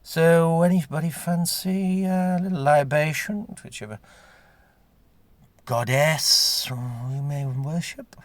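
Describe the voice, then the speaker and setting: A man's voice: fairly high pitch, slow pace, no room sound, pitched above the performer's own voice. A man voicing a sardonic, snobbish who mutters wry asides.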